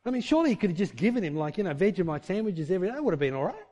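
A man preaches with a fairly high, mellow voice. He talks to the congregation casually and keeps firing rhetorical questions at them, speeding up and slowing down for emphasis. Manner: animated, shifting pace for emphasis. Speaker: pastor. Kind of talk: sermon.

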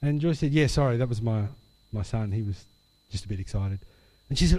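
A man preaching a sermon, telling an animated story and acting out the dialogue. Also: medium pitch, fast. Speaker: pastor. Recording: long hall reverb.

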